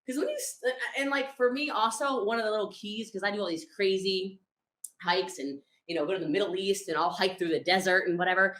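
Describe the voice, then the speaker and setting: Woman retreat leader, exasperated, swears a lot, roomy echo, mid pitch. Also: brisk. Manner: animated, exasperated, swears freely. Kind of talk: anecdotal storytelling.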